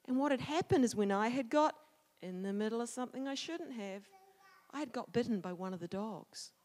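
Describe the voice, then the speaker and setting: A woman telling a personal story in a sermon, animated, acting out the shouts and quoted words of the people in it. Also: fairly high pitch, brisk. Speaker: church speaker. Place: church sanctuary. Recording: long hall reverb.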